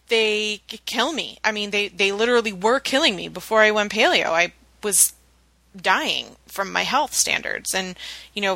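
A woman's voice: mid-range voice, gravelly, sharp tone, no room sound, rough recording. A woman co-hosting a casual podcast, talking in a chatty way with lots of "like" and restarts. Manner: chatty, fillers like "like", stumbles and restarts. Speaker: podcast co-host.

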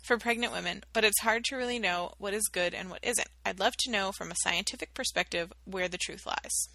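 A woman's voice: mid-range voice, a little fast, creaky, pushed and bright, dry recording, rough recording. A woman co-hosting a casual health podcast, chatting and reading out listener questions. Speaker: podcast co-host.

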